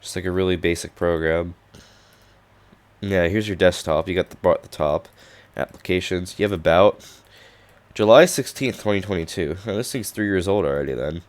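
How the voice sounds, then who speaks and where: A young man with a low voice that has gone hoarse, clearing his throat now and then. He rambles casually through a walkthrough, full of "like" and "um" and half-finished restarts. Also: moderate pace. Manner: rambling with many "like" and "um" fillers. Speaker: hobby programmer showing his projects. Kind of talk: casual screen-recorded walkthrough.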